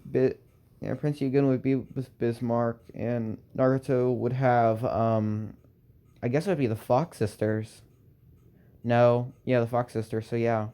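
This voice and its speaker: A young man improvising a fan story aloud, halting and restarting with lots of fillers and sighs. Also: mid-range voice, fairly even intonation, dark tone, clean tone.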